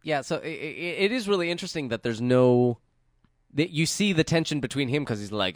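A man chats on a film commentary, spinning a jokey anecdote with frequent stops and restarts. His pitch is middling and the sound is dry and close. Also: expressive, no echo. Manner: storytelling, jokey, halting restarts. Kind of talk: casual movie commentary chat.

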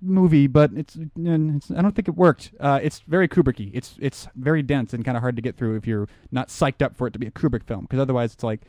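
A man's voice: medium pitch, fast talker, hardly any pauses, a little mellow, dry recording. A man hosting a casual movie commentary podcast, rambling and joking, often breaking off mid-sentence. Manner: rambling, self-interrupting, joking. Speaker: podcast host.

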